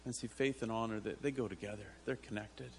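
A man preaching a sermon to his church, halting and repeating words as he tells a story, often breaking into laughter. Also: fairly low pitch, fairly even intonation, creaky, slight background noise. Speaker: pastor.

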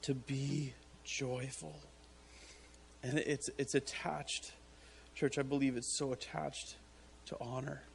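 A man preaching a sermon to his church, halting and repeating words as he tells a story, often breaking into laughter. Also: medium pitch, level tone, vocal fry, a little hiss or hum. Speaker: pastor.

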